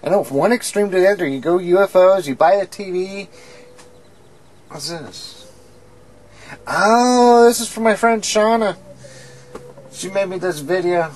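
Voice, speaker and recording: A woman's voice: mid-range voice, a little slow, pauses often, darkish tone. A woman chatting candidly in a casual, rambling video diary from her bedroom. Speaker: video diarist. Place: home bedroom, indoors.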